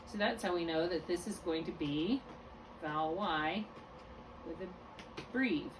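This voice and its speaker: A woman's voice: on the low side, measured pace. A woman tutoring a student one-on-one in phonics. She explains step by step and often stops to correct herself. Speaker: reading tutor. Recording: distant mic with faint room noise.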